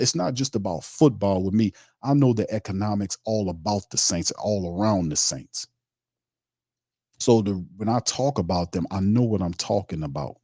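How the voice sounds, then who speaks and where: A man's voice: fairly low pitch, mellow, slightly rough, no echo, clean studio sound. A man hosting a sports talk stream, reading chat comments and ranting emphatically in informal, streetwise speech. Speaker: sports show host.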